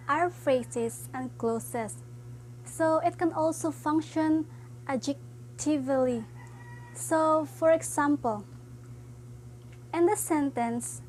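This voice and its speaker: A high-voiced woman teaching a grammar lesson at a slow, careful pace. She explains haltingly, pausing to start her points with "so" and an occasional "um". A faint hum sits under her voice. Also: rough recording.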